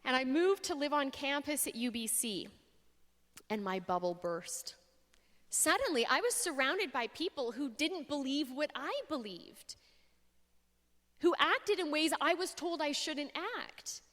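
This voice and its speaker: Young woman from Canada, a slightly high voice, speaker giving an expressive faith story with pauses, heard through long hall reverb. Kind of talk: faith talk to an audience. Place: large hall.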